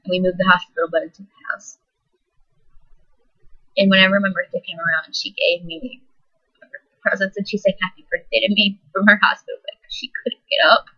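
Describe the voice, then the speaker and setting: A teenage girl telling a personal story in a soft, halting, emotional way. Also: medium pitch, breathy edge. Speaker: vlogger. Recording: dull lo-fi recording.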